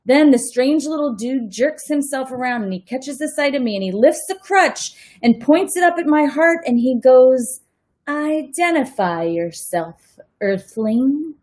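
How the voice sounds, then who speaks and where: A woman teacher reads a novel aloud as a nightly bedtime reading for her listeners. Her voice sits a little high. She keeps stopping to chat and correct her own slips. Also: darkish tone. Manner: chatty, self-correcting asides. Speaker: read-aloud host, teacher.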